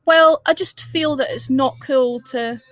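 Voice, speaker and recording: A woman's voice: high-pitched, measured pace, a bit bright, faint music behind. A woman chatting with viewers on a livestream, blunt and full of swearing as she rants. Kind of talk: casual live-stream chat.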